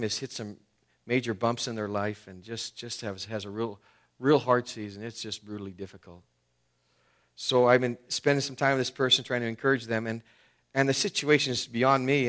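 A man's voice: medium pitch, fairly bright tone. A man preaching a sermon as pastor, talking in a conversational, personal way with frequent restarts.

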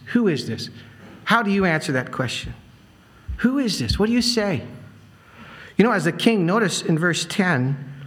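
Emotional male pastor preaching a sermon. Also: fairly high pitch. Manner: personal storytelling, emphatic and repetitive, rising with emotion.

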